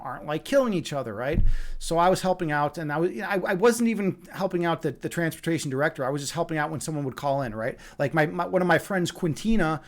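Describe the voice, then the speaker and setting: A man hosting a meditation stream, casually telling a rambling story with many restarts. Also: on the high side. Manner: rambling, frequent restarts and fillers.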